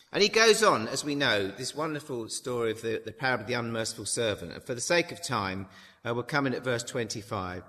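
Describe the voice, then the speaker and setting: A man's voice: mid-range voice, expressive, a little fast, sharp tone. A man preaching a sermon in a chatty way, adding tag questions and acting out the dialogue of the story. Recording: long hall reverb.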